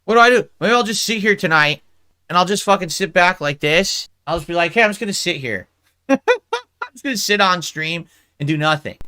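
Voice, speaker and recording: Streamer guy complaining on stream, bright sharp voice, kinda whiny, dry sound. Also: high-pitched, moderate pace, clear, resonant tone, no room sound. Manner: aggrieved, self-pitying, profane. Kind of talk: angry livestream rant.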